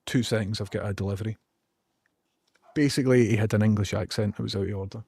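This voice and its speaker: A man's voice: fairly low pitch, steady tone, fast, warm tone, slightly rough, no echo. A Scottish man chatting casually on a live stream, swearing and ranting while he multitasks. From Scotland.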